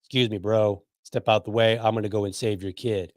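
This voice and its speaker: A man's voice: lowish voice, fairly even intonation, brisk, darkish tone, dry recording, clean studio sound, voice pushed down, lightly acted. A man doing a casual, offhand firefighter.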